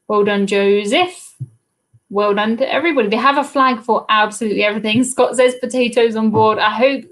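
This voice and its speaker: A British woman hosting a live cruise trivia stream in a chatty, casual way, reading out viewers' comments and answering them into a laptop webcam mic. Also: a little high.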